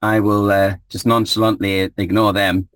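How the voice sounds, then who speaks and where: Low-voiced man playing a tabletop game. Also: normal speed, no room sound. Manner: laughing, relaxed, filler-heavy. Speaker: player. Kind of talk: casual tabletop play.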